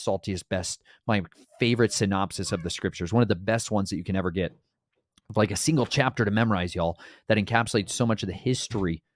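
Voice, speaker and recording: A man giving a casual, animated Bible teaching who talks straight to listeners and acts out the voices he quotes. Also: fairly low pitch, no room sound, clean studio sound.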